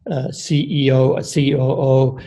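An older man, a grandfather, giving an earnest, explanatory talk on leadership and the body, often pausing with ums and restarting phrases. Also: medium pitch, steady tone, warm tone, rough recording. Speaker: speaker on embodied leadership. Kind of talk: reflective talk.

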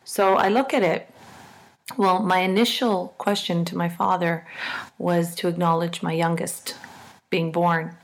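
A middle-aged woman telling a personal story in an earnest, halting way, with fillers and restarts. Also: lowish voice, steady tone.

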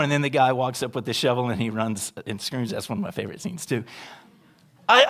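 A man, an associate pastor, preaching a sermon in a conversational, animated way, often checking in with his listeners and swinging between emphatic raised lines and quiet asides. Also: medium pitch. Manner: conversational, animated preaching with frequent tag questions to the congregation.

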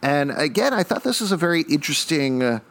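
A man's voice: on the high side, big pitch swings, quick pace, gravelly, fairly bright tone. A man hosting a podcast, casually recapping a TV episode with dry asides. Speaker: podcast host.

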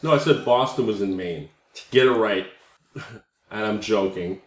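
A man co-hosting a podcast with crude jokes and quick riffs, often cutting in. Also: on the low side, recorded from a distance. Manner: crude joking, interrupts with riffs. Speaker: podcast co-host. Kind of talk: joking podcast banter. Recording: roomy echo.

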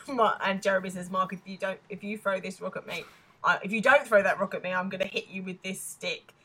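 A woman co-hosting a podcast in casual chat, recapping a TV episode, laughing often and pausing with hesitant ums. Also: mid-range voice, steady tone, a bit bright. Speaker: podcast co-host.

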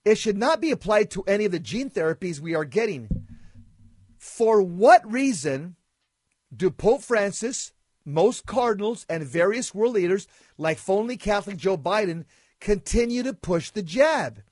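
A man reading prepared commentary on a talk show in a deliberate, indignant way. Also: high-pitched, expressive, a little mellow, dry recording, clean studio sound.

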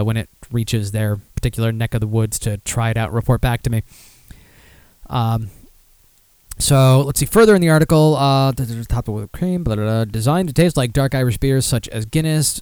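Reading news on his casual beer show, a young man rambles with lots of fillers, swears freely, and pokes fun at himself. He has a medium-pitched, darkish voice captured without any room sound.

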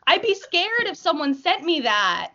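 A woman's voice: very high-pitched, unhurried, highs cut off. Chatty young woman telling stories. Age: young adult. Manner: chatty, lots of fillers, animated storytelling. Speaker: podcast guest. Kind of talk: casual chat.

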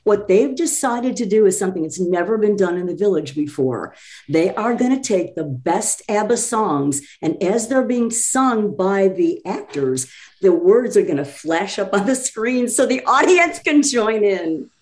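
Brief: woman guest, mid-pitched, eager and bubbly, talks in quick bursts. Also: lively intonation, darkish tone. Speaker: theater group guest. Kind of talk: casual chat.

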